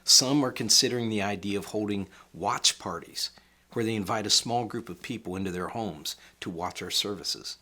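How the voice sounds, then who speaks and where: A man preaching a video sermon, leaning hard on key words as he reads scripture. His voice is low, bright and forceful, with a husky edge. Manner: emphatic, measured scripture reading. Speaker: pastor.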